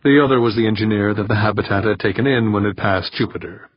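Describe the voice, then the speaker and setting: A man reading a novel aloud in a steady, measured narration. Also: lowish voice, breathy edge, no room sound. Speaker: audiobook narrator. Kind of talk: scripted narration. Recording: dull lo-fi dry recording.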